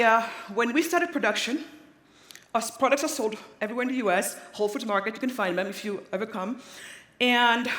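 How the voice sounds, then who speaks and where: A woman's voice: on the high side, fairly bright tone. A woman from Africa giving an inspirational conference talk on stage, emphatic and repeating key phrases. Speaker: speaker. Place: large hall on stage. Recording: echoey hall, long reverb.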